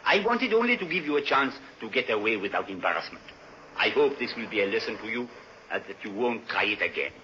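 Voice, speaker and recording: An actor playing a courteous, shrewd French art expert with a French accent, in an old radio drama. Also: male voice, lowish voice, sing-song, sharp tone, a little hiss or hum. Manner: courteous, measured and knowing. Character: polite, shrewd French art expert, middle-aged man. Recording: muffled old radio broadcast.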